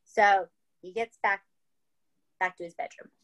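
A woman's voice: mid-range voice, steady tone, unhurried, fairly bright tone, low-quality recording. A woman hosting a podcast, telling a true-crime story in a casual, chatty way, swearing freely and often checking in with "right?" and "okay?". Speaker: podcast host.

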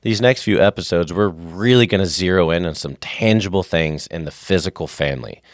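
A man co-hosting a faith podcast in casual chat, telling stories with animated, acted-out quotes into a studio microphone. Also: low-pitched, a little fast, dry recording. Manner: animated storyteller, acts out voices in quotes. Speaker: podcast co-host.

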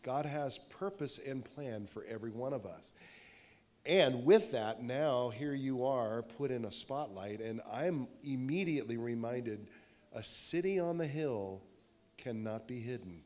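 A man's voice: medium pitch, lively intonation, measured pace, darkish tone. A man hosting and exhorting listeners in a sermon style, repeating phrases with a preacher's cadence. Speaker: pastor, host.

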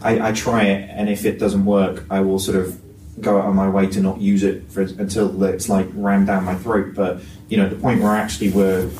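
A man's voice: sits low, little pitch movement, normal speed, darkish tone. A man co-hosting a casual podcast panel, talking hesitantly, repeating words and using many fillers. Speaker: podcast co-host. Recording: roomy, distant mic with faint noise.

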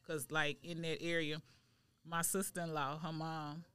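Bright, higher-voiced male co-host. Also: level tone, a little slow, smooth, no room sound. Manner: explanatory, talks in long connected points. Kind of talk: casual interview.

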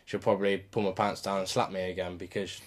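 A man's voice: low voice, little pitch movement, quick pace. A man co-hosting a podcast in casual chat, who laughs often while he talks. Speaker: podcast co-host.

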